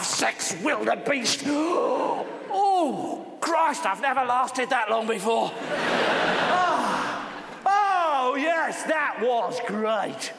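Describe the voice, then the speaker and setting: A man playing a crude, drunken, boorish character in live stage comedy, with a deadpan, drawn-out delivery. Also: high voice, creaky, background noise, exaggerated voice. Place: large theatre stage. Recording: echoey theatre hall, loud crowd. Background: loud live audience.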